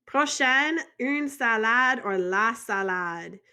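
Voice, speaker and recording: A woman's voice: on the high side, animated, slow pace, pushed and bright, clear, resonant tone. An American woman teaching a French vocabulary lesson in a chatty way, joking and asking the viewer questions. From United States.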